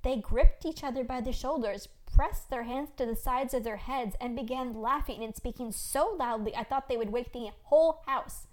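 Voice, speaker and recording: A woman podcast host reading her own first-person story aloud as scripted narration, with expressive storytelling. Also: fairly high pitch, moderate pace, few pauses.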